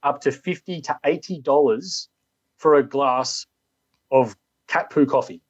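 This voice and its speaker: A man's voice: mid-range voice, unhurried, husky, no room sound, muffled recording. A man guesting on a podcast as a zookeeper. He talks in a crude, rambling way, trips over his words, and sounds dry and close to the mic. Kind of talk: casual podcast chat.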